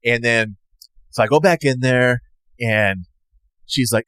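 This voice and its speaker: A man's voice: mid-range voice, slow pace, long pauses, smooth, no echo. A man casually telling a personal story, rambling and acting out what others said. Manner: rambling, animated, acts out others' lines. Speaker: podcast host.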